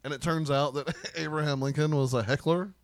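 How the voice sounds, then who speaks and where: A man talks casually on a podcast in a fairly high voice. He swears freely and jumps into squeaky put-on voices to act out sketches. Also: fairly even intonation, brisk.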